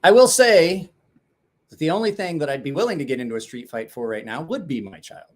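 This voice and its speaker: Blunt, lively-voiced man chatting casually. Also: fairly high pitch, a little fast. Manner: blunt, swears freely, rambling. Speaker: knife-sharpening channel host. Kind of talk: casual livestream chat.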